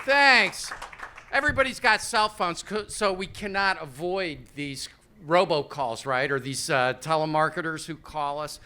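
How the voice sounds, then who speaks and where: A man's voice: a little high, unhurried, sharp tone. A man in his fifties doing a rambling, profane, self-deprecating stand-up set on a live comedy stage. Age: 50s.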